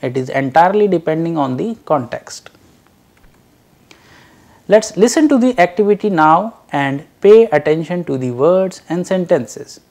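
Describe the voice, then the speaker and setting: A man giving a recorded lecture, teaching slowly and deliberately and drilling short example phrases. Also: on the high side, animated, a little mellow.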